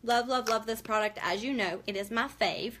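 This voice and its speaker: A woman's voice: fairly high pitch, moderate pace, fairly bright tone, slight background noise. A woman hosting a casual live-stream makeup tutorial, chatty and emotional as she greets viewers by name.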